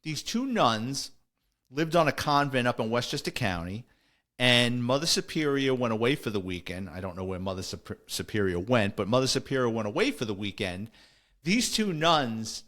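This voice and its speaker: A man's voice: mid-range voice, fairly bright tone. A middle-aged man, a former police officer telling a story in a wry, conversational way on a podcast. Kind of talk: casual storytelling.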